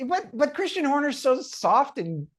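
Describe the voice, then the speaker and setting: A man co-hosting a casual motorsport podcast who speaks in a measured, explanatory way. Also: very high-pitched, very animated. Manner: measured, thoughtful, explains at length. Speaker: podcast co-host. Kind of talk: casual chat.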